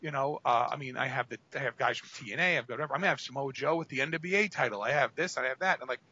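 A man's voice: mid-range voice, racing, pushed and bright, breathy edge. A man co-hosting a podcast in casual chat, telling long rambling stories full of fillers. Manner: rambling, filler-heavy storytelling. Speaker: podcast co-host. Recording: dull lo-fi audio.

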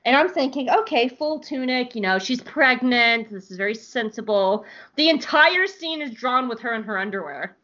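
A woman's voice: a little high, animated, normal speed, pushed and bright. A woman host talking casually, ranting in exasperation and swearing freely. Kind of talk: casual chat. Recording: slightly dull lo-fi sound.

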